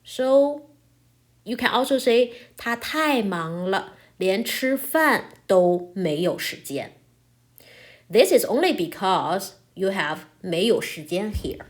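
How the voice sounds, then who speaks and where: A woman's voice: mid-range voice, lively intonation, takes it slowly. A woman with Chinese as her first language, teaching a Chinese grammar lesson in English, explaining patiently and often checking in with "right?".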